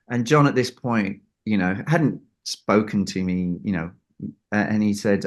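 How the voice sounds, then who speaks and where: A man's voice: lowish voice, fairly even intonation, moderate pace. A man, a record producer, telling a story in an interview and acting out the people he quotes. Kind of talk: anecdote in an interview.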